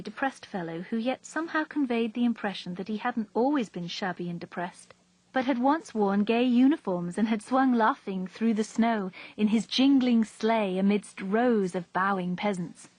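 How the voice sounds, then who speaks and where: Slightly husky woman reading a story. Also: a little high, normal speed, darkish tone, no room sound, poor audio. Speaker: reader. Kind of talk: storybook read-aloud.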